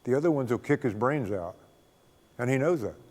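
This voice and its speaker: An older man giving a spiritual talk as a guest speaker, a folksy, unhurried storyteller who often chuckles. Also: mid-range voice, lively intonation, a little mellow. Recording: long reverb of a hall.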